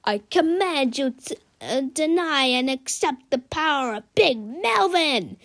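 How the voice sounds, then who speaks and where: A woman voicing a boastful bully boy posing as a superhero, with slow, grand commands. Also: on the high side, animated. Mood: pompous. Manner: pompous, slow commanding proclamations.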